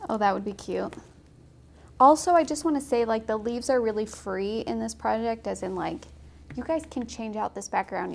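Young woman walking you through a watercolor painting, gravelly edge, chatty and upbeat. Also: mid-range voice, a little mellow, slight background noise. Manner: chatty, encouraging, laughs often. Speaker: watercolor instructor. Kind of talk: casual painting tutorial.

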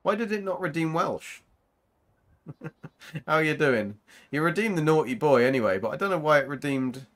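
A man's voice: a little high, expressive, normal speed, pauses often, fairly bright tone. A man hosting a gaming channel, rambling casually to viewers as he plays. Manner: rambling, chatty, talks to viewers. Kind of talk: casual gameplay commentary.

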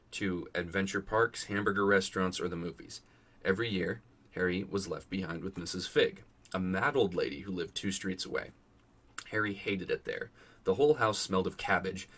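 A man's voice: sits low, fairly bright tone. A man casually reading a novel aloud, voicing the characters and dropping crude asides. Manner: reads character lines in varied voices, swears in asides. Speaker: vlogger reading a book aloud.

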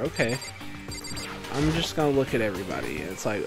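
A young man livestreaming a game, retelling the story in an animated, profane way and slipping into quick voices for the characters. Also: on the low side. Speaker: streamer. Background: game music.

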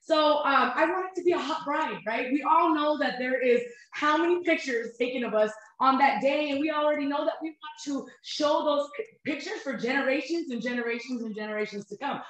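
A woman's voice: high voice, brisk, a bit bright. A woman in her thirties, a nutrition coach giving an upbeat motivational webinar talk, often checking in with "you guys" and "right?". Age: 30s. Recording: very echoey room.

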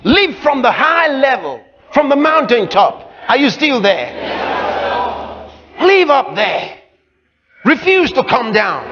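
A male pastor preaching a sermon, emphatic and often shouting, acting out the voices of the people he quotes. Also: very high voice. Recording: muffled live recording with crowd and noise.

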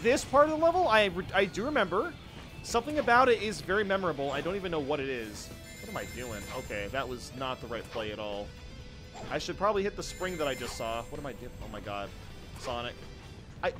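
A young man giving casual, jokey let's-play commentary, reacting loudly to the game as he plays. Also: sits high, brisk. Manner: excitable, jokey, yelps at the game. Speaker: gaming YouTuber. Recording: faint game music behind.

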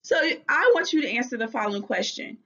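A woman's voice: fairly high pitch, animated, fast, sharp tone. A woman teacher giving a recorded reading lesson, patiently asking guiding questions. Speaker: third grade teacher. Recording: dull lo-fi recording.

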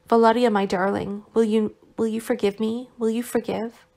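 A woman's voice: fairly high pitch, little pitch movement, normal speed, creaky, darkish tone. A woman voicing an anxious, devoted young wife who pleads earnestly, in an audiobook reading. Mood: pleading.

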